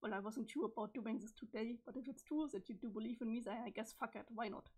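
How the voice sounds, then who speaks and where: A woman reads as a cryptic teenage boy from the future in a webcomic read-aloud. He speaks flat and measured, his voice husky and a touch high. The voice sounds strained. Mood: deadpan. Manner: flat, measured, unhurried delivery. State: strained, failing voice. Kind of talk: reading a webcomic's chat logs aloud.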